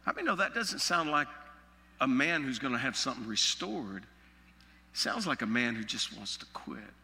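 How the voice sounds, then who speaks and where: A pastor from Alabama with a Southern accent, preaching a sermon with folksy, joking asides. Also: male voice, mid-range voice, big pitch swings, normal speed, bright, forceful tone, long reverb tail.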